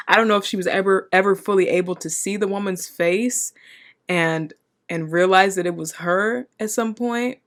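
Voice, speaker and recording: A woman hosting a reaction video, talking casually in an emotional, exclamatory way with plenty of slang. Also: lowish voice.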